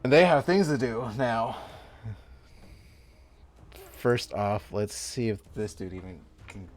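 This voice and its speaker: A man's voice: medium pitch, animated, slow pace, a little hiss or hum. A man acting as game master, narrating a tabletop combat casually and checking rules as he goes.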